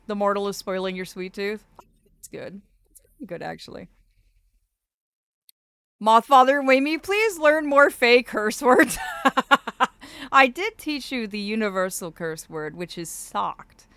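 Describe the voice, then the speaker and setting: A woman's voice: medium pitch, expressive, takes it slowly, pauses often, sharp tone, smooth, no echo. A woman streaming live as a fey persona. She chats casually and reads viewer messages, calling viewers darlings and laughing often. Her speech is slightly impeded by a swollen cheek.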